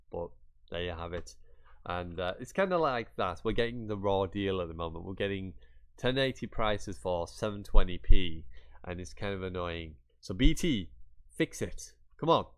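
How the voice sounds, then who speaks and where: Chatty man with a lowish voice. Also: lively intonation, normal speed, clear, resonant tone. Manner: chatty, rambling, mock-exasperated asides. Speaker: YouTuber. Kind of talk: screen-share tutorial.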